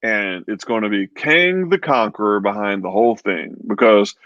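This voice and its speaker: A man's voice: fairly low pitch, moderate pace, no echo. Playful man from Memphis, dull dry sound. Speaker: guest reviewer. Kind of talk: casual live-stream chat.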